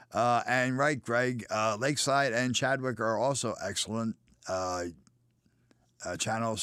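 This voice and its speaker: A casual American man answers viewer comments on a live stream in a slightly low voice. He talks loosely, often stopping to restart a thought with an "uh". The sound is close and dry, with no room in it. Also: a bit bright, no echo. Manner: casual, halting, many fillers and restarts. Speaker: host.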